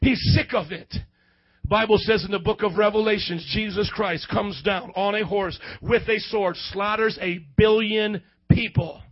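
A man, a youth pastor preaching a fiery sermon to his congregation, breaking into shouted, sing-song outbursts. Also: sits high, steady tone, normal speed, hardly any pauses, dull audio. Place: church hall before a youth congregation.

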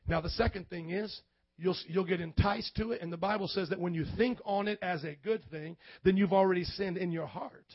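Male pastor, high-pitched, loud colloquial sermon delivery with shouted peaks, dull lo-fi recording. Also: a little fast, dry recording. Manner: loud, preaching with rising shouts; casual, colloquial preaching with call-and-response asides. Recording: dull lo-fi audio.

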